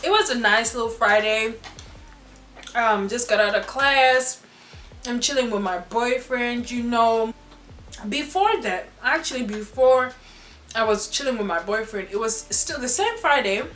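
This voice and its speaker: A young adult woman telling a storytime vlog in an animated, chatty way, full of "like" and "you know". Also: a little high, a little slow. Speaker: vlogger. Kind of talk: casual storytime chat. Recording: roomy room with faint music.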